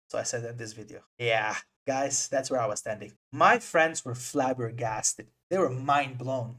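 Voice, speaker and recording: A young man, a native Dutch speaker, tells a story in a brash, boastful, lively vlog style with some swearing. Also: mid-range voice, unhurried, few pauses. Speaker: vlogger.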